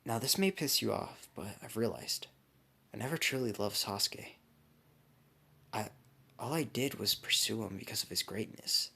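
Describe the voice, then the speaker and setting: An earnest young ninja woman whose lines a man reads in his own voice. The voice sits low with a gravelly edge, and it rises and falls a lot as she talks. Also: animated, moderate pace, pauses often, bright, forceful tone, heavily acted. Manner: quoted in the narrator's own voice.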